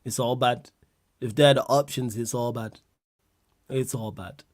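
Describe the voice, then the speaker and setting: A man's voice: medium pitch, fairly even intonation, unhurried, no echo, studio quality. A man hosting a casual livestream chat, laughing a lot, swearing and using slang while answering viewer questions.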